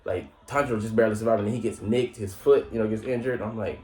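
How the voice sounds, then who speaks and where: A man giving a casual, slangy recap of an anime episode. He laughs often and jumps into high mock voices. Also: fast talker, darkish tone. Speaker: anime reviewer. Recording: roomy echo with faint music.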